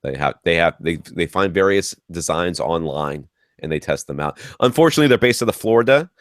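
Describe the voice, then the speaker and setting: A man around forty hosting a podcast, telling ranting stories in a casual, animated way with lots of restarts. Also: low-pitched, fairly quick, no echo, studio quality. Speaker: podcast host.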